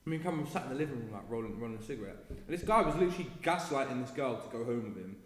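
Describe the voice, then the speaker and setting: A man's voice: medium pitch, animated, very fast. A young man, telling a story in casual podcast chat and swearing freely as he goes. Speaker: podcast host. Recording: echoey room with long reverb.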